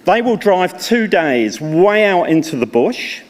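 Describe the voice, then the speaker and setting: A man's voice: high-pitched, takes it slowly. An older man giving a chatty, story-filled speech to graduates at a ceremony. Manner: chatty, anecdotal, animated when quoting others. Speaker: university leader addressing graduates. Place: large hall. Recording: reverberant hall recording.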